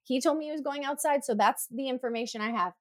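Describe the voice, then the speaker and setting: A woman's voice: sits high, fast talker. A woman in her thirties, chatting casually and telling stories with animation, acting out her own screams and quotes. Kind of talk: casual chat.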